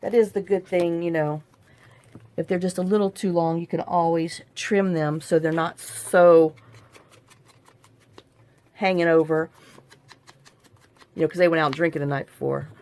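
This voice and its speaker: Unhurried and pausing often, this middle-aged woman hosts a crafting video, talking to herself as she works. Her pitch is fairly low, her tone darkish, and her intonation fairly even in this rambling, casual tutorial.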